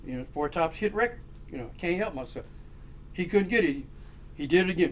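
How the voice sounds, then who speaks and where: Man, fairly high voice, casual storytelling, animated, acts out voices, laughs often. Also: a little fast, long pauses. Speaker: guest storyteller.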